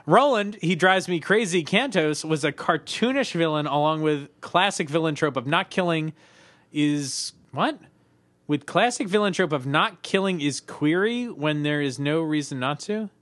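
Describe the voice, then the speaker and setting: A man co-hosting a podcast, chatting casually and reading listener emails in an animated, joking way. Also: on the high side, normal speed, no echo. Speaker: podcast co-host.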